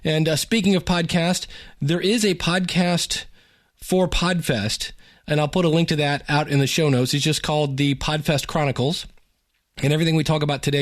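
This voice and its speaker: A man hosting his podcast, talking in an upbeat, chatty and enthusiastic way. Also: on the high side. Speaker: podcast host. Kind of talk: casual podcast monologue.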